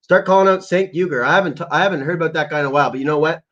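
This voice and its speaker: A man's voice: fairly high pitch, racing, a bit bright, highs cut off. A man from Canada ranting casually and profanely to his live chat as a stream host, rambling and heated. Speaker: livestream host.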